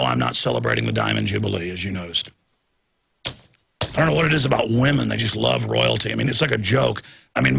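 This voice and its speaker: Gravelly, impassioned ranting talk host. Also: male voice, lowish voice. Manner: impassioned, rants with sudden shouted bursts. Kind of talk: ranting political monologue.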